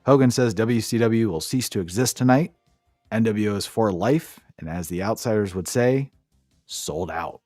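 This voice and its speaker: A man's voice: on the low side, moderate pace, a little mellow, dry recording, studio quality, soft background music. A man co-hosting a podcast, giving a sarcastic, profane play-by-play recap in casual chat. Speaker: podcast co-host.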